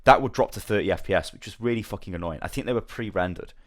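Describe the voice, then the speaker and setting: A man with a fairly low voice chats fast and loosely on a casual podcast. He rambles through an animated story, swearing freely. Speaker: podcast host. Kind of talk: casual chat.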